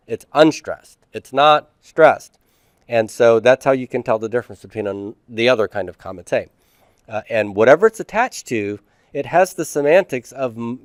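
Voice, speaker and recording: Male teacher, middle-aged, lectures at a slow pace and quizzes himself out loud. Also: mid-range voice, smooth, no echo, clean studio sound. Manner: explains step by step, asks and answers own questions. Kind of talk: classroom lecture.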